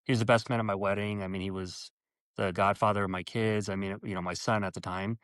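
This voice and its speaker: A man as an interview guest telling a personal story earnestly, halting and restarting, and acting out quoted dialogue with his voice jumping up in pitch. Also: little pitch movement, a bit bright, smooth, no echo.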